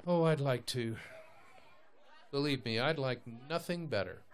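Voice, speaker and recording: A man's voice: medium pitch, expressive, unhurried, a faint crowd. An actor playing a middle-aged man who asks probing, anxious questions. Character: adult man Mr Everett, prying and worried. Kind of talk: audio drama acting.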